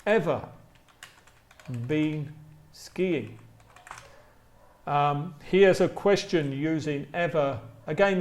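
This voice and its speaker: Slow, deliberate male English teacher. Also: on the high side, a little mellow, reverberant. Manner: repeats example sentences slowly, stretching them for emphasis. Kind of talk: slow, deliberate grammar lesson with spoken examples.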